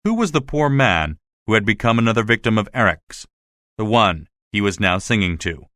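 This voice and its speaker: A man reading a classic story aloud as scripted narration, in a dramatic, expressive way. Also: fairly low pitch, normal speed, no echo, studio quality. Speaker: audiobook reader. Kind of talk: scripted narration of a graded reader.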